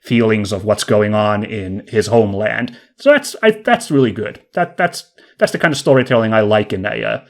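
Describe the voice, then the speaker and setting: A man's voice: on the low side, animated, normal speed, few pauses. A man co-hosting a casual podcast, chatting enthusiastically and thinking aloud as he talks. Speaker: podcast co-host. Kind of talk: casual podcast chat about video games.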